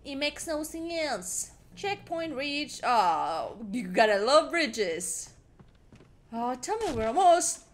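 A woman's voice: high voice, big pitch swings, measured pace, a bit bright. A young woman commenting casually while playing a game, jumpy and chatty, mocking herself. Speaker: gaming streamer. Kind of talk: casual let's-play commentary.

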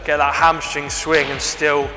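A young man talks through his sprint drills in a loose, halting way, leaning on "like" and "basically". His voice is bright and forceful. He is recorded with a long reverb tail, and faint music plays in the background. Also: on the high side, level tone. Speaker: rugby winger. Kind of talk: casual demonstration chat.

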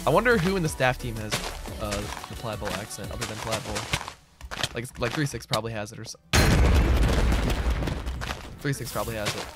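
A man's voice: fairly low pitch, fairly quick, long pauses. A man streaming a game, chatting casually and answering his viewers as he plays, often calling them "bro". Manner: relaxed, answers chat aloud, says "bro" a lot. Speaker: streamer and server owner. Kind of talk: casual livestream chatter while gaming. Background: background music.

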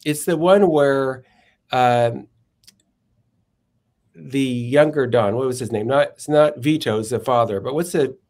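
Man, guest philosopher, thoughtful, mid-pitched voice, reflective storytelling. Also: unhurried, long pauses, a little mellow. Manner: thoughtful, searching for words. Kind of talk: podcast interview, storytelling.

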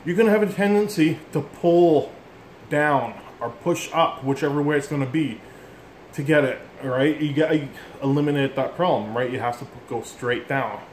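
In an echoey room with an instrument going, a middle-aged man teaches music casually, his voice on the high side and his speed normal. He's an instrument teacher who explains bluntly, wanders off topic, and refers to himself as an ass for it.

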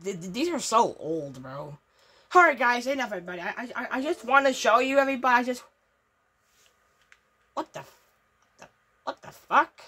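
A woman with a somewhat high-set voice runs her gaming channel in loose, unscripted chatter. She stumbles and repeats herself constantly and swears freely, with an excitable, easily riled energy. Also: moderate pace, pauses often, husky. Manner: stammering, repetitive, profane, excitable. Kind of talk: casual gameplay commentary.

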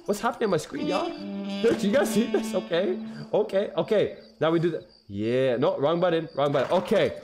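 A man live-streaming a video game, reacting loudly and chatting with his viewers in slangy, excitable bursts. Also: sits high, a little fast, faint music behind. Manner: excitable, loud outbursts, slangy, talks to chat. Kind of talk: casual live-stream commentary.

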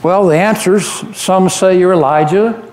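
A man's voice: high voice, a little slow. A man playing the apostle Peter, an earnest, devoted fisherman telling his memories in a first-person monologue during a church service. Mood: reverent. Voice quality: earnest, animated storyteller with frequent restarts. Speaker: church member giving a dramatic monologue. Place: church sanctuary. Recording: roomy church echo.

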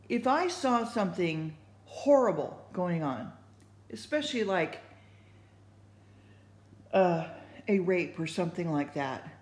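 A woman sharing her faith thoughts in casual, rambling talk, full of fillers and restarts. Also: mid-range voice. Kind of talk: casual spoken reflection. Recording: echoey room.

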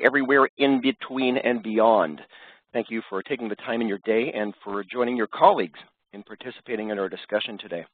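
A man's voice: on the low side, brisk, no room sound. A man with a head cold presents a business webcast in an upbeat way, with many fillers. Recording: dry, tinny phone-line audio.

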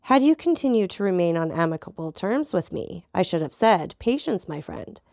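A woman voicing a calm, ironic male journalist who replies in a deliberate, measured way, with a gravelly voice. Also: fairly low pitch, no echo, studio quality.

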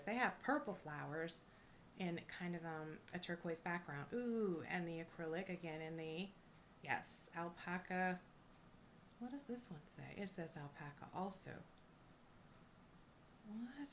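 A woman reselling jewelry, chatting casually and gushing with excitement as she unboxes a thrift lot. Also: on the low side, slight background noise. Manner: gushing, excitable, lots of oohs and little laughs.

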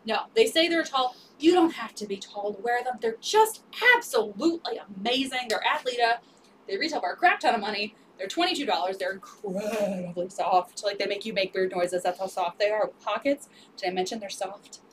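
A woman's voice: mid-range voice, animated, a little fast, far from the mic, noisy background. A woman selling secondhand clothes on a live stream, upbeat and repeating sizes, prices and item numbers. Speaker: resale live-stream seller. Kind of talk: live sales pitch.

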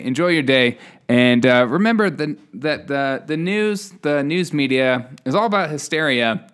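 In a mid-range voice with a fairly bright tone, a podcast host works through the news headlines on his casual show. His manner is loose and unscripted, filled with fillers and sarcastic, chuckling remarks.

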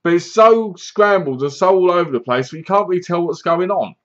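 A man's voice: sits high, animated, fairly quick, dull audio. A young man rambling through a casual spoken film review, correcting himself as he goes and acting out characters' lines.

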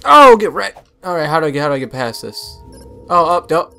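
A young man giving casual let's-play commentary, full of excited, puzzled exclamations. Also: on the high side, brisk, gravelly. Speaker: gameplay commentator. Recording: game music under voice.

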